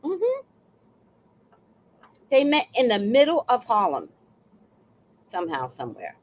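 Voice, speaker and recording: A woman in her sixties hosting reaction commentary, animated and playful, who often repeats her phrases. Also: on the high side, unhurried. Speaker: host.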